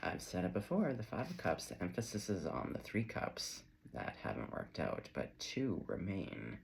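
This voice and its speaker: A man's voice: low-pitched, huge pitch swings, moderate pace, vocal fry, slight background noise. A man giving a casual, chatty tarot reading to camera, wandering off on tangents as he talks. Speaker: tarot reader.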